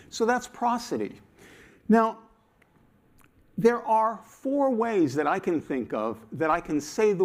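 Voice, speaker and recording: A man delivers a talk from a conference stage. His voice sits a little high and leaps around expressively, and he acts out his examples with playful emphasis. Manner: animated and playful, acting out examples. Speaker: conference speaker.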